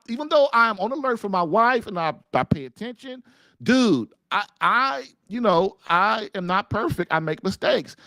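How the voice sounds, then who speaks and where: A man hosting a marriage podcast, telling stories in an animated way and laughing often. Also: on the high side, no echo, studio quality. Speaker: podcast host and marriage coach. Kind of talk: casual call-in podcast talk.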